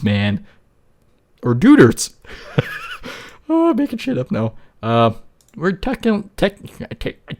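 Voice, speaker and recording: Narrating a screen-recorded tutorial in a medium-pitched voice, a man who makes YouTube videos chats casually and rambles, laughing a lot and cursing now and then.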